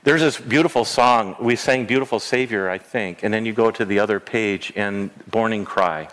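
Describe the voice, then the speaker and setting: A man's voice: on the low side, moderate pace, few pauses, fairly bright tone. A middle-aged man preaching a sermon as a pastor, earnest, repeating phrases and restarting words as he goes. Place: church sanctuary. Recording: long church reverb.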